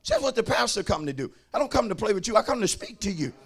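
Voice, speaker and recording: High, shouting preacher man. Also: sing-song, fast, gravelly, slightly rough. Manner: shouting, rhythmic preaching with sing-song calls to the congregation. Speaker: pastor. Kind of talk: sermon. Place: church.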